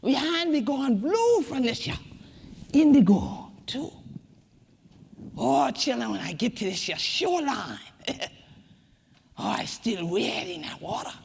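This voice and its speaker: A woman with a Gullah Geechee accent delivers a rhythmic, chanting keynote with a husky, gravelly voice. Her pitch swings widely as she moves from hushed whispers to shouts. The sound carries a long reverb, as if in a large hall. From Sea Islands of the American Southeast. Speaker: community leader and keynote speaker. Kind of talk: spoken-word keynote performance.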